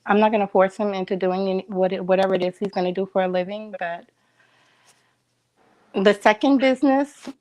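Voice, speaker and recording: A woman guest on a live stream, answering questions in a calm, matter-of-fact way. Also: medium pitch, a little fast, poor audio. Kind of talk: casual interview chat.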